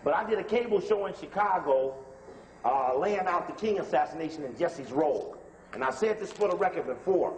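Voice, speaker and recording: Brief: man with a high voice, emphatic lecture commentary on footage, reverberant hall. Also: a little mellow, a little hiss or hum. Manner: conversational, emphatic, repeats instructions to pause the tape. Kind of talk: lecture commentary over video clips.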